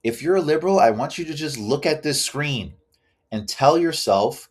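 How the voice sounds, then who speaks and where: A man's voice: on the high side, expressive, normal speed, husky. Blunt, profane man. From Canada. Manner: blunt and profane, keeps addressing viewers as guys. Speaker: reaction video host. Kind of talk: ranting commentary.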